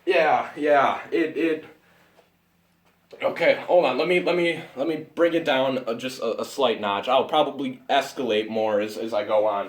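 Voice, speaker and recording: A young man ranting about a movie he just saw, breathless and exasperated, swinging between mutters and shouts, recorded on a phone. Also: medium pitch, normal speed, distant mic. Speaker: vlogger. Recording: roomy phone recording from off-mic.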